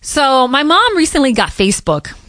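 A woman in casual chat as a podcast co-host, telling stories and acting out quotes with animated voices. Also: high voice, normal speed, no echo. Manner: chatty storyteller, lively quoted voices.

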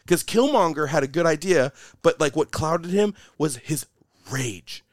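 A man's voice: on the high side, animated, measured pace, no room sound, studio quality. A young man hosting a podcast, talking casually and animatedly, swearing and saying "like" and "dude" a lot. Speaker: podcast host. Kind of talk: casual chat.

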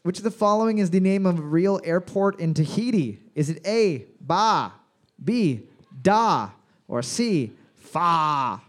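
A man's voice: high voice, lively intonation. A man hosting a bar trivia night over a microphone, reading questions twice and joking crudely between them. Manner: jokey, profane, repeats each question slowly. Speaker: trivia quizmaster.

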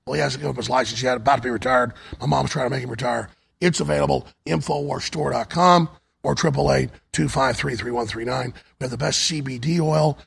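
Hoarse gravelly talk show host. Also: male voice, fairly bright tone. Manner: urgent, repetitive sales pitch. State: hoarse, voice nearly gone. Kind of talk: on-air fundraising and product pitch.

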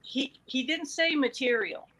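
In a low-quality recording, a woman with a high voice tells a true-crime story during casual conversation at a slightly slow pace. She brings the quoted exchanges from the record to life with animated delivery.

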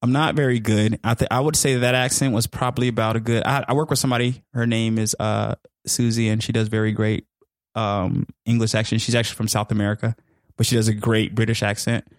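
A man's voice: on the low side, little pitch movement, fairly quick, no echo, clean studio sound. A man hosting a casual podcast, teasing his co-host and stumbling over his words.

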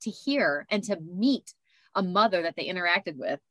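A woman hosting a podcast interview, talking in a calm, measured and affirming way. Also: lowish voice, no echo. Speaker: podcast host and author, autism parent. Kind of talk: interview conversation.

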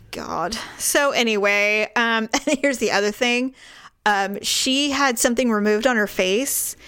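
A woman with a slightly high voice tells a story in a loose, chatty way. She acts out every character's lines with big jumps in pitch and laughs through much of it. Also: slow, smooth. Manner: animated, acts out quoted voices, laughs often. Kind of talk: casual storytelling chat.

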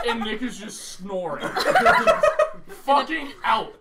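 A man's voice: sits high, normal speed, recorded from a distance, a crowd in the background. A young man co-hosting a podcast, telling a story casually and animatedly, swearing and laughing as he goes. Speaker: podcast co-host.

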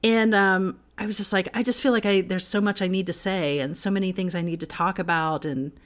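A middle-aged woman co-hosts a casual faith podcast, telling personal stories earnestly and laughing often. Her medium-pitched voice is steady in tone and brisk.

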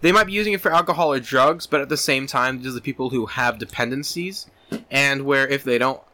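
A man's voice: mid-range voice, a little fast, sharp tone. A man hosting a comedy podcast, chatting crudely and rambling while steering the talk between his co-hosts. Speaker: podcast host. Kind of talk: casual comedic chat.

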